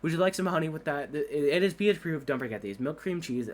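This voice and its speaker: A man's voice: fairly high pitch, lively intonation, quick pace. A man reading a whole movie script aloud at breakneck speed for laughs, doing every character in his own voice and tripping over words. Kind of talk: rushed comedic script reading.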